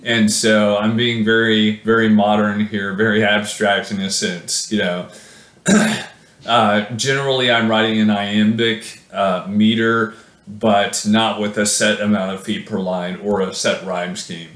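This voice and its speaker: A man's voice: fairly low pitch, little pitch movement, unhurried, fairly bright tone, roomy sound. A man reads his own sonnet aloud, then talks it through casually with many fillers and self-corrections. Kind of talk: poetry reading then casual explanation.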